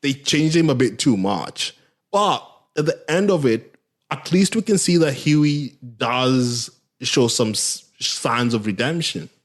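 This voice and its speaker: A man's voice: medium pitch, lively intonation, takes it slowly. A man co-hosting a podcast in casual chat, hesitant with restarts, rising when annoyed. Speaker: podcast co-host.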